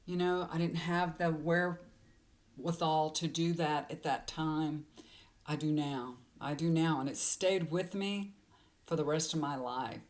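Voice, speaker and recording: A woman's voice: sits low, steady tone, unhurried. A woman tarot reader telling a personal story to camera in a confiding, emotional way, rambling with many fillers, close to tears. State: tearful.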